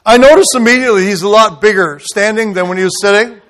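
A man preaching a sermon as guest pastor in a church, telling a story dramatically and swinging from loud outrage to hushed tenderness. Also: high voice, fast talker.

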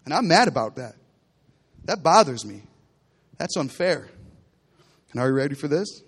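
A man preaching a sermon, retelling a parable with animated storytelling and bursts of loudness. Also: a little high, moderate pace, breathy edge. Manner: animated storytelling preacher, acting out characters with big swings in loudness. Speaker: pastor.

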